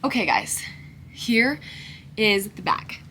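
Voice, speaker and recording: Animated young woman telling a story. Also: mid-range voice, takes it slowly, slight background noise. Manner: animated, indignant, with many "like"s and quoted back-and-forth. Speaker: vlogger. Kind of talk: casual storytime vlog.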